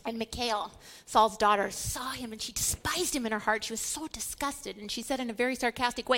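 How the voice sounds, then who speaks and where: An animated woman teaching scripture with a slightly high voice. She talks emphatically, repeats words for stress, and acts out the quoted lines. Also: a little fast, few pauses. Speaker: Bible teacher.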